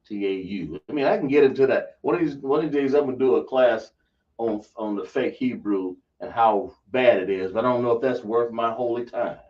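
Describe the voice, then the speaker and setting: Fairly quick and a little mellow, a medium-pitched man instructs a religious class, stressing his points and quizzing listeners with rhetorical questions. The audio is dull, distant and lo-fi.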